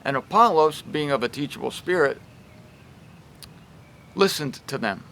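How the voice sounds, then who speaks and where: A man giving a casual, emphatic Bible teaching talk with a wry, lively delivery. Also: fairly high pitch, unhurried, slight background noise. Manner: emphatic and wry, shifts pace and loudness a lot.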